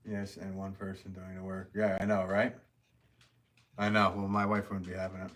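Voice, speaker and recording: Chatty low-voiced potter streaming live. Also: male voice, monotone, normal speed, a bit bright, poor audio. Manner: rambling, chatty, filler-heavy, laughs often. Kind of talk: casual live-stream chat while working.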